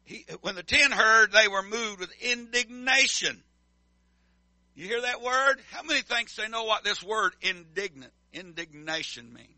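A man's voice: sits high, expressive, measured pace, sharp tone, no room sound. A middle-aged man preaching a sermon as pastor, calling for responses from the congregation. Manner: emphatic call-and-response preaching.

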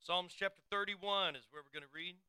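A man preaching in a bright, ringing voice that sits a little high for a man. His tone is crisp and clean, and the sound is close and dry. He rambles in folksy asides, then reads scripture slowly with a lifted voice. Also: dry recording, rough recording. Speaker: pastor. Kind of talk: sermon.

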